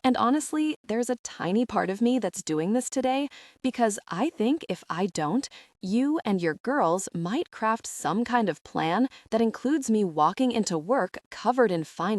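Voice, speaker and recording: A woman voicing a tender, earnest man proposing to his partner in an audiobook, with a warm, heartfelt delivery. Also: mid-range voice, lively intonation, measured pace, dry recording, studio quality, lightly acted.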